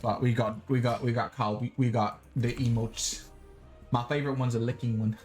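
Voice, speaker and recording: A man's voice: mid-range voice, level tone, moderate pace, darkish tone, soft background music. Goofy Australian streamer man. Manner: goofy, playful, swears, sings robot noises. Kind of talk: casual gaming stream chat.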